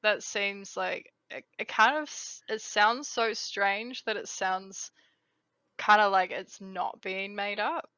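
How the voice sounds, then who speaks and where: A woman's voice: mid-range voice, takes it slowly, sharp tone, dry recording, dull audio. A woman with a New Zealand accent co-hosting a podcast in casual chat, chatty with lots of fillers. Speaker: podcast co-host.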